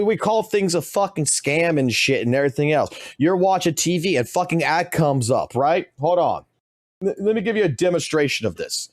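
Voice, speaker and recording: A man's voice: fairly high pitch, dry recording, studio quality. A man streaming a game, ranting heatedly about spending and swearing constantly. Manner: heated, heavily profane ranting. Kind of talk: ranting reaction commentary.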